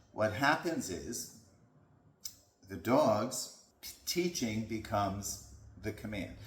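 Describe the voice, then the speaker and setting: A man who works as a dog trainer, explaining training in a calm, patient way. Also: mid-range voice. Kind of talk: instructional talk. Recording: echoey room.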